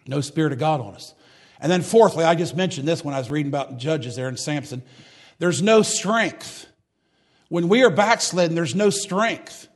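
High-voiced preacher. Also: male voice, lively intonation, normal speed. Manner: fervent, repetitive, builds to loud emphatic preaching; reads scripture in old-fashioned wording. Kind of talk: sermon.

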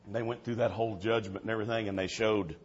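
Preacher, hushed to shouting. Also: male voice, lowish voice, fast talker, breathy edge, dull audio. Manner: animated, swings from hushed to shouting. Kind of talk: sermon storytelling.

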